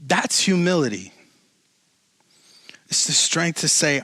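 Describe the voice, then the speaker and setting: A man's voice: a little high, expressive, unhurried, long pauses, sharp tone, husky, no echo. A man pastor giving a conversational sermon, mixing joking asides with emphatic preaching.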